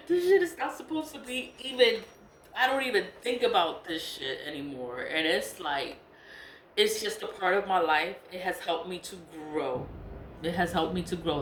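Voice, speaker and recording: A woman talking straight to camera, venting hard and circling back over the same words with plenty of swearing. Her voice sits on the low side. The room echoes around her, and a faint ambience hums underneath. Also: fairly bright tone, slight background noise. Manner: venting, profane, repeats herself. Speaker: vlogger. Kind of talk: angry monologue to camera.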